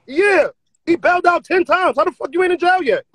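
Brief: high, dry-sounding man heckling on a livestream, insistent, quick. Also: fairly bright tone, no room sound. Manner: heckling, insistent, repeating demands.

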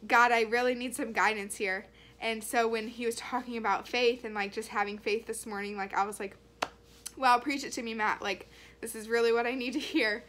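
A woman's voice: mid-range voice, a bit bright, a little hiss or hum. A young woman talking casually to her camera, earnest and rambling, with lots of likes and ums. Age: young adult. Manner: earnest, rambling, many fillers. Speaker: vlogger. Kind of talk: casual faith vlog.

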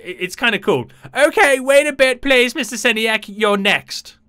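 A man giving excitable, chatty gameplay commentary to his viewers. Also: high-pitched, no room sound. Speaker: gaming YouTuber.

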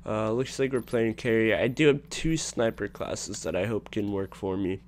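A young man giving casual commentary over his own gameplay, excitable and trash-talking, swinging between low mumbles and sudden shouts. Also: moderate pace, slight background noise. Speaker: gaming channel host.

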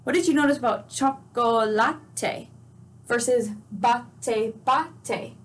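Slow and patient, a woman with a voice on the high side gives a children's music lesson. She encourages the kids, asks them questions, and sings note names and chants examples.

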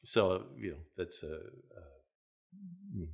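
Deep-voiced older man telling stunt stories. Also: takes it slowly, creaky. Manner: relaxed anecdotal, frequent restarts and chuckles. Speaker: veteran stunt performer and coordinator. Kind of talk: interview storytelling.

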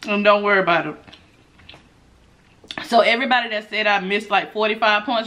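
Bright-voiced chatty woman eating on camera. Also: mid-range voice, a little fast, long pauses. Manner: chatty, laughs often, addresses viewers as y'all. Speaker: mukbang vlogger. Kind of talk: casual chat while eating.

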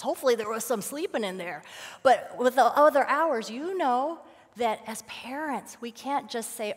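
A woman giving a lively, conversational sermon as a guest speaker, telling stories with casual fillers. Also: fairly high pitch, normal speed, breathy edge, in a large hall. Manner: animated, casual storytelling with fillers. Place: church sanctuary.

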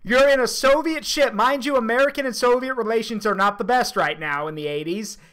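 A man's voice: very high-pitched, brisk, a bit bright, clean tone. Casual laughing male streamer. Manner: laughing, rambling, swears casually. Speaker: streamer reacting to a video. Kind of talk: casual reaction commentary.

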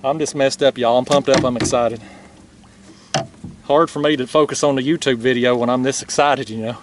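A man's voice: mid-range voice, noisy background. A man hosting a fishing vlog from his kayak, exclaiming and out of breath. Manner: excitable, exclaiming, drawn-out words. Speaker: fishing channel host. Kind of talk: excited outdoor vlog. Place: kayak on a lake outdoors.

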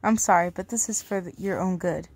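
A woman voicing a menacing, obsessive older brother in a fan fiction read aloud, calm and coldly threatening. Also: fairly low pitch, a little fast, slightly rough, no echo, pitched below the performer's own voice.

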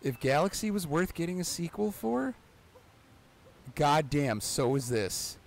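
Excitable swearing gamer man, gravelly voice. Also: fairly high pitch, measured pace. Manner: excitable, swears a lot, rambling with sudden yelps. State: out of breath. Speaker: gaming channel host. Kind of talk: excited let's-play commentary.

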